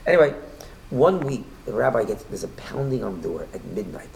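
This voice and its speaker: Quick, gravelly-voiced man teaching Torah. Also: medium pitch, very animated, slight background noise, poor audio. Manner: talks in quick bursts, repeats and restarts, rises loudly when quoting. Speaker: rabbi teaching a Torah class. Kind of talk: casual Torah lesson with storytelling.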